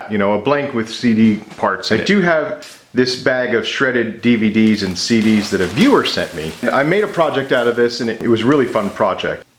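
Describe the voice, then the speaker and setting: A man, a resin maker, chatting casually and enthusiastically to camera, thinking out loud as he works in his home workshop. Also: medium pitch. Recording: echoey workshop with loud machine noise.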